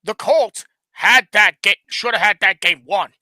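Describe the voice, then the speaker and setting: A man's voice: high voice, measured pace, sharp tone, no echo, poor audio. A man co-hosting a casual sports stream, blunt and opinionated, stumbling over restarts and swearing now and then. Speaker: co-host.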